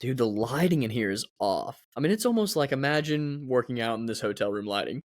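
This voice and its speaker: A man's voice: mid-range voice, lively intonation, brisk, hardly any pauses, no echo, studio quality. A young man hosting a podcast alone, rambling in a casual, chatty, self-mocking way. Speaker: podcast host. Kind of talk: casual solo podcast chat.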